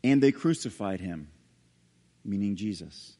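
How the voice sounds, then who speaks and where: A male pastor preaching a sermon and reading scripture aloud, dramatic, with sudden hushed low drops on key words. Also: animated, measured pace. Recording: long hall reverb.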